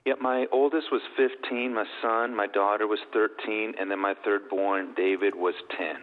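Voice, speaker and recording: A man's voice: on the low side, steady tone, moderate pace. A middle-aged man, a guest, telling an emotional faith story in an earnest, tender way. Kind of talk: emotional testimony. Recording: tinny, phone-like sound with long reverb.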